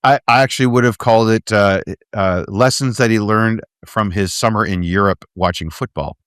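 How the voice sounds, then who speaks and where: A man's voice: fairly low pitch, normal speed, a bit bright, clear, resonant tone, no echo, studio quality. A man from Canada co-hosting a casual movie podcast, sarcastic and joking, with lots of fillers and restarts. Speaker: podcast co-host.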